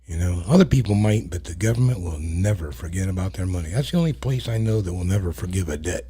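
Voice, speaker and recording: A man's voice: deep voice, lively intonation, quick pace, warm tone, husky. A man hosting a talk show, giving blunt, profane commentary full of fillers and asides. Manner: blunt, profane, laughs at own jokes; many fillers and trailing asides. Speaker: host. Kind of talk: casual commentary.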